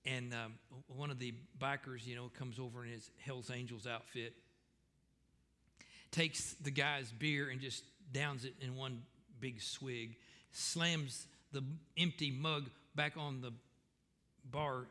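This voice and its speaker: A man's voice: mid-range voice, fairly even intonation, unhurried, bright, forceful tone. A male pastor preaching a sermon, telling stories in a folksy way with frequent fillers. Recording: echoey church hall reverb.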